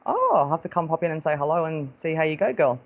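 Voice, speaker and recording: A woman's voice: low voice, expressive, fast talker, lo-fi sound. An Australian woman hosting a live stream as a psychic medium, chatting casually and affectionately, calling viewers darling as she greets them.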